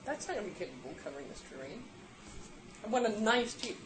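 A woman's voice: mid-range voice, sing-song, fast talker, a little hiss or hum, poor audio. A woman playing a tabletop game, speaking in character with a haughty, demanding tone. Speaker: player. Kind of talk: in-character tabletop role-play.

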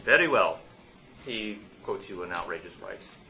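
A man's voice: low-pitched, expressive, unhurried, sharp tone, a little hiss or hum. A man running a tabletop game as game master, improvising the scene and laughing between lines.

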